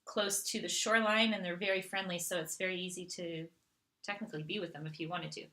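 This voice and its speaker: Woman, middle-aged, from Canada, casual live chat, reads viewer questions, bright tone. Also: on the low side, steady tone, quick pace. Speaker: host.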